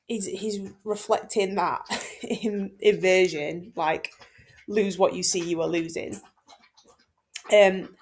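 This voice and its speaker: A woman's voice: mid-range voice, a little mellow. A young woman walks students through a text like a friendly tutor. She talks casually, with frequent ums, likes and offhand asides as she explains. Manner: chatty, many ums and likes, informal asides. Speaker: Latin teacher. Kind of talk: casual exam-focused lesson walkthrough.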